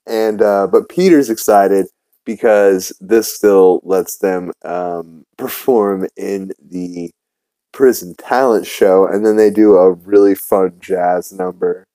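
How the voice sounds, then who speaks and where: A man's voice: lowish voice, mellow, clean tone, dry recording. A man hosting a podcast, casually recapping a cartoon episode with lots of ums and uhs. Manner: rambling, many fillers. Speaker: podcast host.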